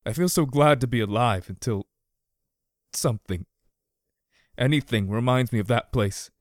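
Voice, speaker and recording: A man's voice: medium pitch, normal speed, no echo, clean studio sound, close to an everyday voice. A man doing a brittle, trembling young stallion. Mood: trembling, raw. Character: stoic young stallion pony, now raw and brittle. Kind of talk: audiobook character voice.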